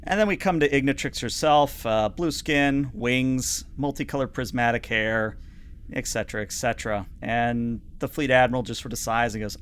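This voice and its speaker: A man's voice: medium pitch, normal speed, a bit bright, clear, resonant tone. Brief: chatty game master, man, explaining rules with plenty of ums. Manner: chatty, lots of fillers. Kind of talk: narrating a tabletop game.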